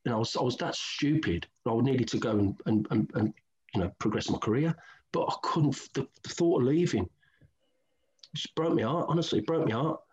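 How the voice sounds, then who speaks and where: A man's voice: mid-range voice, brisk. Brummie guy in his middle years spinning footy yarns, acts out who said what, kinda dull lo-fi sound. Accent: Birmingham. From England. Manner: animated, acts out old conversations, colloquial. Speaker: former footballer, interview guest. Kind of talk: candid storytelling interview.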